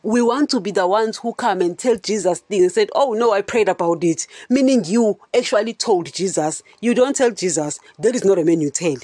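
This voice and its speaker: A woman's voice: mid-range voice, normal speed, hardly any pauses, mellow, slightly rough, no echo. A woman hosting a Christian podcast, teaching in a casual, chatty way and often asking her listeners if they understand. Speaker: podcast host.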